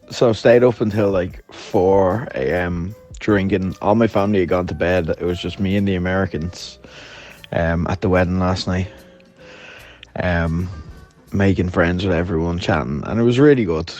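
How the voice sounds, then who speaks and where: A man's voice: deep voice, a little mellow. A hungover man telling a friend a story in a voice note, laughing often and swearing as he rambles. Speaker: podcast host.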